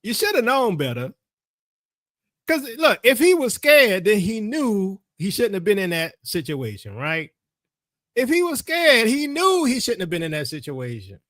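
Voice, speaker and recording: A man's voice: sits high, a bit bright, dry recording, studio quality. A man speaking as a religious teacher, delivering a casual commentary monologue to his followers in a colloquial, storytelling way.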